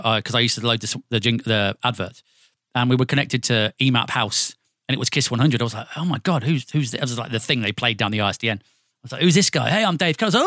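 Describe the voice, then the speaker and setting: This is a male radio presenter from England with a Northampton accent, his voice medium in pitch and recorded cleanly in a studio with no room sound. In a casual interview he tells stories animatedly, acting out voices and swearing freely.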